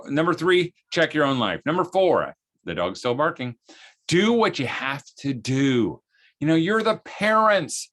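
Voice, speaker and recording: A middle-aged man giving a casual, animated talk on parenting, acting out quotes from his family in high voices. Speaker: speaker on parenting.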